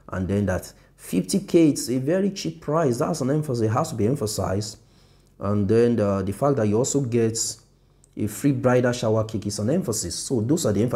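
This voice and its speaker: Low-voiced man teaching design casually. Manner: loose, repetitive, self-correcting, laughs softly. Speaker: design tutor. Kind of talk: casual screen-share design tutorial. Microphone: phone.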